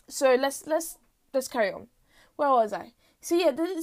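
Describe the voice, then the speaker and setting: This teenage host's high, expressive voice carries a darkish tone as she speaks at normal speed. Worn out and lightheaded, she rambles through a playfully dramatic, unscripted home-mic podcast monologue.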